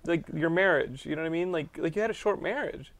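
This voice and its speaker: Man, podcast host, brisk blunt and profane, slightly higher voice, dry sound. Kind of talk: casual interview chat.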